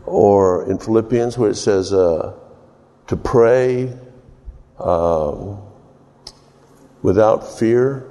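A man preaching an informal sermon, rambling and unhurried with many fillers, his voice ringing with long hall reverb. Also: lowish voice, mellow.

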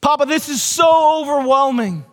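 A male pastor acting out an anguished man who cries out to his father, pleading and close to shouting. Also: extremely high pitch, brisk, voice pushed up. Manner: pleading, raised to a near shout. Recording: long hall reverb.

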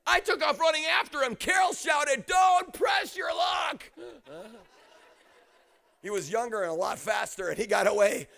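High, animated gravelly preacher man. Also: fairly quick, few pauses. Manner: animated, often shouting, acts out quotes and laughs. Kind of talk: energetic storytelling sermon.

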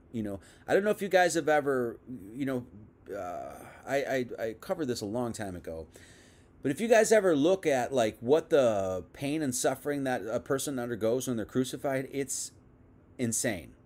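A man's voice: mid-range voice, darkish tone. A young man giving a casual, conversational Bible teaching, full of asides and restarts. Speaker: preacher.

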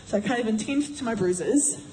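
A woman giving a sermon in a chatty, animated way, acting out voices as she retells a story. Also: a little high, brisk, slight background noise. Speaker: preacher. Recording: echoey room.

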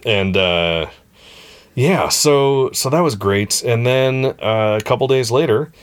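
A man's voice: mid-range voice, slow pace, clean tone. A man hosting a casual podcast, easygoing and chatty. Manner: easygoing, chatty, fillers and restarts. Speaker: podcast host.

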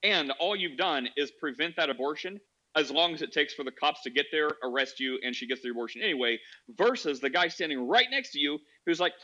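A man's voice: fairly high pitch, lively intonation, brisk, pushed and bright, muffled recording. A man hosting a casual Christian discussion podcast, talking earnestly and acting out the voices of people in his examples. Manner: earnest, acts out quoted voices. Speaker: podcast host.

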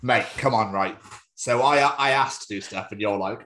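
A man's voice: medium pitch, sing-song, measured pace, a bit bright. A Scottish man co-hosting a podcast, rambling and giggling through sweary banter. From Scotland. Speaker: podcast co-host. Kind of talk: casual chat.

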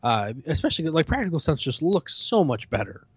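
A man's voice: a little high, sing-song, brisk, slightly rough, dry recording. Hesitant man on a slightly dull recording. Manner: rambling, hesitant, trailing off quietly. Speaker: podcast guest. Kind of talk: casual chat.

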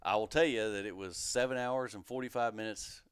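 Brief: man in his thirties, podcast guest, lively storyteller, smooth close dry sound, lowish voice. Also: fairly quick, no room sound. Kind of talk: casual storytelling.

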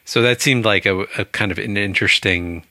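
A man's voice: fairly low pitch, brisk, pushed and bright, no echo, clean studio sound. A man casually discussing a book on a podcast, rambling and chatty with frequent laughs. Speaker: book club podcast co-host.

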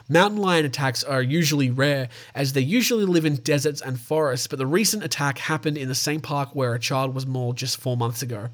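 A man's voice: medium pitch, a little fast, hardly any pauses, a bit bright. A man with an Australian accent hosting a casual show, reading out animal news stories and tossing in swearing asides. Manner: stumbles over names, swears in asides.

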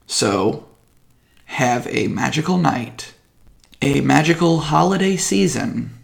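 A man's slightly high, expressive voice with vocal fry narrates a tabletop game at a slow pace. He's the game master and podcast host, keeping things casual and joking, cursing freely and laughing between his descriptions.

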